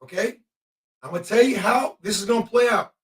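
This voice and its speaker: A man with a high voice calls a game live, excitable and quick to yell at the officials. He sounds set back from the mic in an echoey room. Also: distant mic. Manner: excitable, shouts at the refs and players. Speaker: podcast host. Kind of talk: live game-watching commentary.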